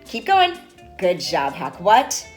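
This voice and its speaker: A woman in her forties, a mother and reading tutor, teaches her young son sight words at home while encouragingly explaining each step for parents. Her medium-pitched voice swoops wildly and moves at a slow pace, with faint music behind her.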